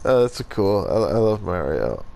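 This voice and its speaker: A man's voice: deep voice, sing-song, a little slow, gravelly, a little mellow, poor audio. Irreverent man joking through gameplay. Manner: joking, irreverent, swears casually. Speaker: gaming channel host. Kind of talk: let's play commentary.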